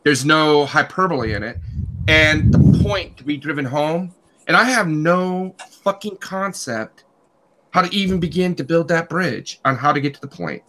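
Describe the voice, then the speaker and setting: A man with a somewhat high, bright voice. He talks on a casual online radio panel in halting, exasperated bursts and drops slang and curses as he goes. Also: animated.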